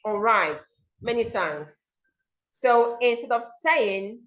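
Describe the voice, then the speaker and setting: A woman with a Nigerian accent teaching diction in an online seminar, slowly modeling example sentences aloud over a video call. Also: fairly high pitch, fairly bright tone. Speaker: diction coach. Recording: dull lo-fi call audio.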